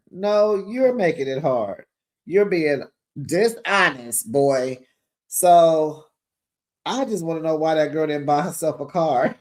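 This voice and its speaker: A man with a fairly high voice runs through a reality show recap in gossip mode. He is sassy and chatty, sprinkling in honey and child as he talks to his viewers like friends. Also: animated, slow, long pauses. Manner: sassy, chatty, addresses viewers as besties and y'all; calls listeners honey and child.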